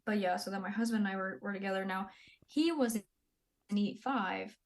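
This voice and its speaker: A woman's voice: medium pitch, moderate pace. A woman in her twenties, a podcast guest, talking candidly in a blunt, profane way. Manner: blunt and profane, acts out quoted people. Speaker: podcast guest, Army veteran. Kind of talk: candid casual storytelling.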